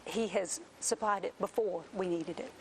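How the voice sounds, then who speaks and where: A woman, a mother telling an emotional personal story as an interview guest, earnest and animated. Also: medium pitch, normal speed, slight background noise. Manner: earnest, animated retelling with quoted voices.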